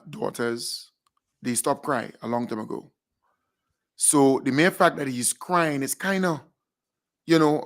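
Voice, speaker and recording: A man co-hosting a live online talk show, chatting easily with pauses and asides. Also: a little high, gravelly, fairly bright tone. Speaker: co-host. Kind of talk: casual live chat.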